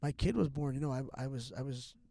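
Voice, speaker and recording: A man's voice: medium pitch, fast, gravelly, dark tone, dry recording. A middle-aged man talking as a podcast guest in a candid, casual chat, rambling and profane, with many restarts and fillers.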